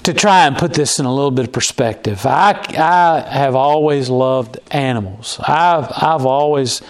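A man's voice: mid-range voice, a little slow. A man preaching a conversational sermon, restarting words often and acting out quoted lines.

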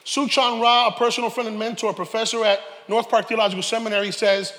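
A man preaching a sermon, animated, with joking asides and shouted peaks. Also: high voice, fast talker. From New York, Harlem. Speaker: pastor. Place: church sanctuary. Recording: reverberant church hall.

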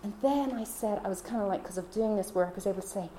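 A woman's voice: mid-range voice, fast talker, dark tone, slight background noise. A woman podcast host telling her personal faith testimony in a heartfelt, confiding way. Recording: roomy echo.

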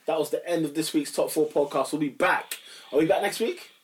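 A man hosting a casual football podcast who gets excitable and bursts into loud laughter. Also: a little high, a little fast, distant mic. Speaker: podcast host.

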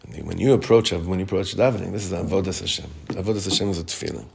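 A man teaching a Torah class as rabbi, reading text quickly and explaining it in chatty English. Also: deep voice, creaky, breathy edge. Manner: reads Hebrew text fast, then explains it in relaxed English; chatty, with frequent restarts.

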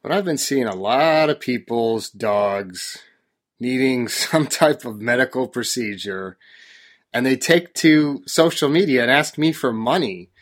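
A man hosting a casual podcast, ranting about everyday annoyances with an exasperated edge and laughing at his own complaints. His voice sits at a middle pitch. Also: measured pace. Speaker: podcast host. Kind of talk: casual chat.

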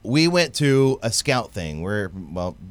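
Profane storytelling dad with a lively voice. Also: male voice, on the low side, slow pace, no room sound. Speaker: podcast co-host. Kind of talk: casual chat.

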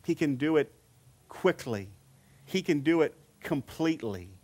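A middle-aged man preaching a sermon, repeating phrases for emphasis and slowing down to stress scripture quotes. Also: on the high side, expressive, darkish tone, breathy edge.

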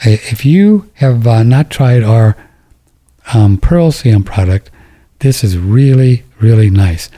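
A man's voice: medium pitch, lively intonation, slow, dark tone. An older man hosting a talk radio show, rambling and joking through his ad reads with many restarts. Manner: rambling, jokey, self-interrupting.

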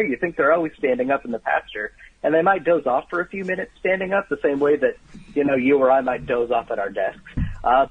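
A man's voice: fairly high pitch, fairly quick, husky, no echo. Enthusiastic man on a tinny phone line. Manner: animated, storytelling, enthusiastic about trivia. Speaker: guest author. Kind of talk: phone-in radio interview. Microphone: telephone.

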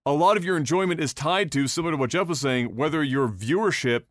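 A man's voice: on the high side, fast, dry recording, studio quality. A man co-hosting a podcast, explaining things in a laid-back, profane way. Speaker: podcast co-host and game reviewer. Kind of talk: casual podcast chat.

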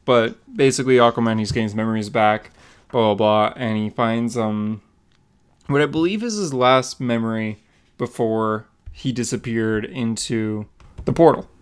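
A young man co-hosting a casual comic book podcast, recapping a story with quick acted-out quotes. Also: medium pitch, clear, resonant tone. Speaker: podcast co-host.

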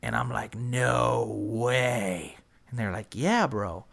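A young man in his twenties from San Antonio, Texas, telling a wild story in casual, profane chat, jumping into loud, high quoted voices. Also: wildly swooping pitch, moderate pace, vocal fry.

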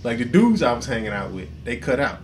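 A man's voice: mid-range voice, sing-song, fast talker, a little hiss or hum. A man co-hosting a podcast, telling a story in casual, profane speech, often laughing and acting out the people in it. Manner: profane, laughing, acts out dialogue. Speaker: podcast co-host.

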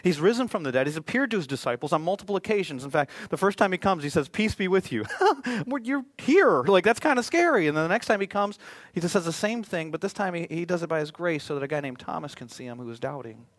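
A man's voice: fairly high pitch, animated, fast talker, no room sound. A male pastor preaching a sermon in a conversational way, with joking asides.

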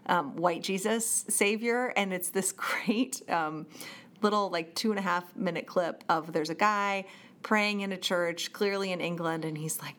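On a casual podcast, a woman with a fairly low voice speaks at a normal speed into a studio microphone. She is an animated storyteller who acts out the voices of the people she quotes.

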